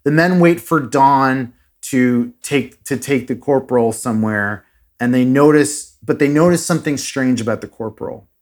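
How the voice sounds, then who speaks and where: A man hosting a podcast, casually retelling a strange story with dramatic pauses and a few fillers. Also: mid-range voice. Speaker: podcast host.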